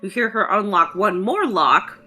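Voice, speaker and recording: A woman's voice: mid-range voice, expressive, moderate pace, pushed and bright, husky, faint music behind. A woman narrating as game master of a tabletop game, chatty and full of "um"s. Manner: chatty, many "um"s and "like"s.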